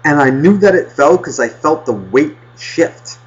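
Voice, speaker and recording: A man casually telling a rambling childhood story on a podcast, swearing constantly and getting animated. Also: on the high side, a little slow. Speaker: podcast host. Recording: dull lo-fi podcast audio.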